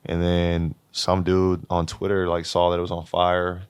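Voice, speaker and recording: Young man, very low voice, dry close mic, casual podcast storytelling, repeats himself. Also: a little slow, clear, resonant tone, no room sound. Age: young adult. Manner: animated, repeats words, acts out quotes. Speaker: college basketball player guest.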